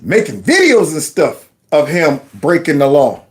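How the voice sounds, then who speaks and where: A man's voice: fairly high pitch, huge pitch swings, a little slow. Sarcastic man mocking a video clip. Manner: sarcastic, mocking, talks to viewers as y'all. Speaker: commentator reacting to a video clip. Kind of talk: casual mocking commentary.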